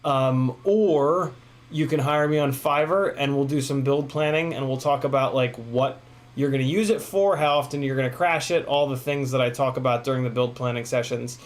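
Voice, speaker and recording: A man hosting a casual live stream, rambling with many fillers, reading chat messages aloud, a bit hoarse from talking. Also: medium pitch, normal speed. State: losing his voice. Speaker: livestream host.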